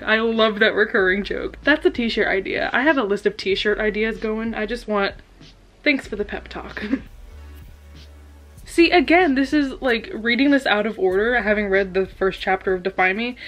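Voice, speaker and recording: A young woman book vlogger reacting while she reads, excitable and dramatic, with frequent laughter and gushing asides. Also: medium pitch, normal speed, soft background music. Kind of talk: casual reading reaction vlog.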